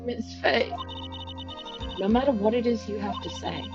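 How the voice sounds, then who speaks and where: A woman voicing a calm, confident female defense attorney who speaks in a steady, reassuring way. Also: fairly high pitch, normal speed, dull audio, lightly acted. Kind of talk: reading a game aloud. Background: game music.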